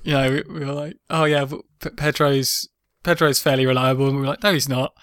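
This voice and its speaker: A man's voice: mid-range voice, fairly even intonation, a bit bright, clear, resonant tone, no room sound, studio quality. A man hosting a tabletop game podcast as game master, joking and laughing in loose casual chat. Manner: laughing, joking, rapid banter.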